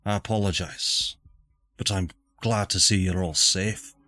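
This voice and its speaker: Low-voiced game master. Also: male voice, fairly even intonation, measured pace, sharp tone, dry recording. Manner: casual, chatty, self-correcting. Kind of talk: narrating a tabletop game.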